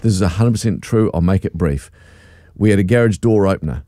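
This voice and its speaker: Lively New man telling a story. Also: low-pitched, a little fast, dry recording. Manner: animated storyteller who acts out voices and laughs. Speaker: radio breakfast host. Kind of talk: casual storytelling chat. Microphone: studio microphone.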